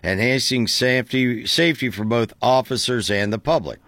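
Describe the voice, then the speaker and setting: A man's voice: mid-range voice, moderate pace, fairly bright tone, no echo. Joking radio host man, dry studio sound. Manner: dry, joking, reads out facts. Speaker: radio talk show host. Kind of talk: call-in radio talk. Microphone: studio microphone.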